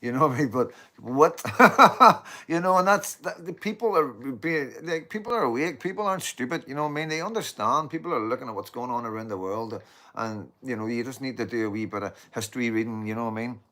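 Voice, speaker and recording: A man's voice: medium pitch, a little fast, sharp tone. Northern irish guy rambling on his home stream, keeps saying you know what i mean, swears a lot. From Northern Ireland. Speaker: online show host. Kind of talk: casual monologue to viewers. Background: dogs at home.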